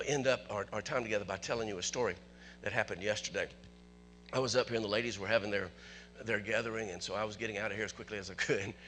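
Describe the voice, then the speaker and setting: Bright-voiced man preaching a story sermon. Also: lowish voice. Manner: conversational, builds to excited preaching. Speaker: pastor.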